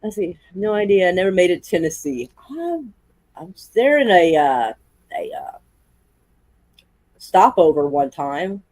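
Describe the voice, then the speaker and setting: A woman's voice: on the low side, very animated, measured pace, long pauses, darkish tone, no room sound, rough recording. Woman livestream host, casual and profane, laughs easily, dry close recording. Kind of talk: casual chat. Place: indoors at home.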